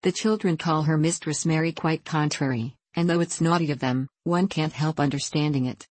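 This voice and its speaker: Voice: mid-range voice, moderate pace, a little mellow, no room sound, natural voice. A reader voicing a genteel lady who speaks with pity, recorded dry and close. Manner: pitying, genteel. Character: kindly pitying English lady.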